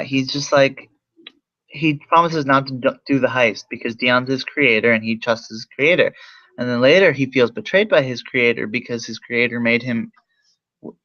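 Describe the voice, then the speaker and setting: A man's voice: medium pitch, pushed and bright. A young man casually reviewing a movie, rambling with lots of fillers and swearing. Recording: slightly dull lo-fi mic.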